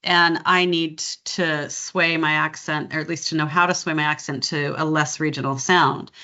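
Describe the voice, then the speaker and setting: A woman's voice: low voice, steady tone, moderate pace, bright, forceful tone, highs cut off. A middle-aged woman from California with a Californian accent, chatting as a guest dialect coach and slipping briefly into regional accents. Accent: Californian American. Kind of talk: casual interview chat.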